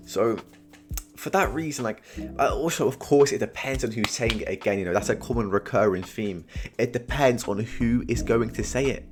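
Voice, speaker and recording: A young British man ranking phrases in casual comedy commentary, full of slang and "bro", veering from low mumbles to sudden shouted verdicts. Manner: slangy and animated, keeps saying "bro", swings from mumbling to shouting. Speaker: tier list host.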